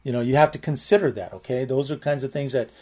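A man's voice: medium pitch, fast talker, darkish tone, slightly rough. A man giving a conversational Bible teaching, earnest and plain-spoken, rambling with many restarts and fillers.

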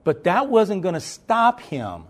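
A man's sermon moves from conversational talk, peppered with checks that the audience is following, into loud, emphatic preaching. His voice sits high with wildly swooping pitch, delivered at a measured pace.

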